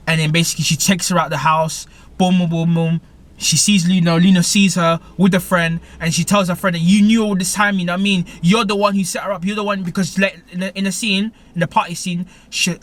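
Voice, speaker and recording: Man, quick delivery, slightly high voice, slangy rambling movie recap. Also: a bit bright, slight background noise. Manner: rambling, heavy slang, repeats "basically" and "innit". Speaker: movie reviewer. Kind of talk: casual film plot recap.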